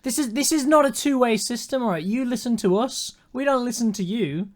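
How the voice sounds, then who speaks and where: A man's voice: extremely high pitch, a little fast. A young man, co-hosting a podcast in a joking, teasing way. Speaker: podcast co-host. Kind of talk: casual chat.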